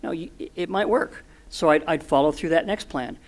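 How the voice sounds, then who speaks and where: A man in his sixties, a podcast guest, telling stories in an earnest, animated way with frequent restarts. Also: fairly high pitch, moderate pace. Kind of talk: storytelling in an interview.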